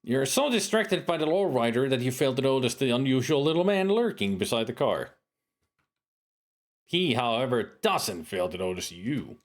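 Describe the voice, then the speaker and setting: A man's voice: mid-range voice, sing-song, normal speed. A man streaming a retro adventure game, reading its text aloud with wry, casual asides. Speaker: let's play streamer. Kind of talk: casual game commentary and narration.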